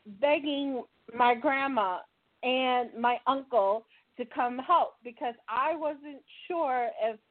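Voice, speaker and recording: A woman's voice: high-pitched, slow pace. An adult woman earnestly recounting her childhood in a personal testimony, plainspoken and often checking in with "right?". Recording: tinny phone-like audio.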